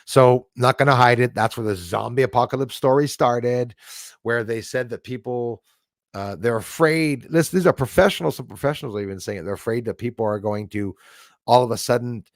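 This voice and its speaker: A Canadian man hosts a casual live stream. He rants with fired-up opinions and laughs between remarks, and his voice has a gravelly, fry-edged texture. The sound is dry and close. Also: mid-range voice, a little fast, dry recording. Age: 40s. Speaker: livestream host. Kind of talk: casual live-stream chat reading viewer comments.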